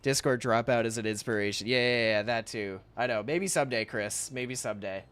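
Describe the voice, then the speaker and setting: Young male streamer, smooth clear tone, mid-pitched, loose rambling chat over soft music. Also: brisk. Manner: rambling, chatty, reads chat aloud, often laughs. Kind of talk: casual livestream chat while drawing.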